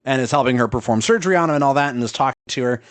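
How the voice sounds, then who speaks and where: A man's voice: mid-range voice, very fast, a bit bright, no echo. A male podcast co-host in casual chat, talking loosely with lots of fillers and swearing, laughing as he retells a story.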